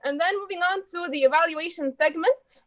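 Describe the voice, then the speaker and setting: A woman's voice: very high-pitched, a little fast, dry recording, poor audio. A woman reports filler-word counts to her speaking club in a chatty, encouraging way and calls people dear. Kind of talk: friendly report and breathing exercise.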